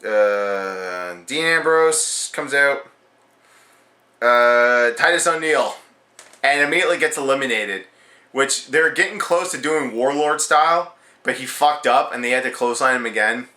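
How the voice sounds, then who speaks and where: A young man from Canada, giving an excitable, profane, rambling review of a wrestling show. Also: medium pitch, a little slow, echoey room. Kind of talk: casual video review.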